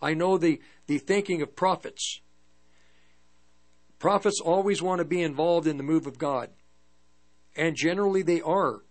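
An older man preaches with a slightly high voice, stopping and restarting as he tells a story from his past. A low mains hum sits under the recording. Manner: halting, storytelling, frequent restarts. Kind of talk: testimony sermon.

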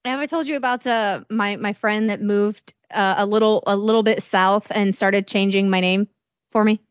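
A woman from southern Illinois, co-hosting a podcast in lively casual chat, laughing often as she tells stories. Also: medium pitch, normal speed, clean tone, dry recording. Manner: animated, laughs often, storytelling. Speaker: radio podcast co-host.

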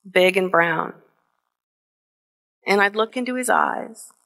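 A middle-aged woman from Northwest Ohio telling a personal story on stage, slow and deliberate with emotional pauses. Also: mid-range voice, a bit bright. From Northwest Ohio, USA. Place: theater stage before an audience.

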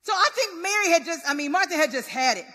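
A woman preaching a sermon in a lively, conversational, relatable way. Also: extremely high pitch, fast. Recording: long hall reverb.

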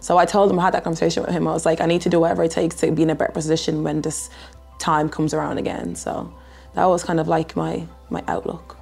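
Young Dublin-accented woman, twenties, low slightly gravelly voice, chatty interviewee. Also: steady tone, quick pace, a little mellow, faint music behind. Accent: Irish, Dublin. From Ireland. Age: 20s. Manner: chatty, lots of "like" fillers. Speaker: athlete interviewee. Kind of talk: casual interview talk.

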